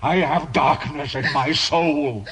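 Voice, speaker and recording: An actor playing a tormented, obsessive priest in a radio drama, pleading and anguished, swinging between hushed murmurs and shouts. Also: male voice, fairly high pitch, takes it slowly, a crowd in the background, low-quality recording. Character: tormented obsessive male priest, middle-aged.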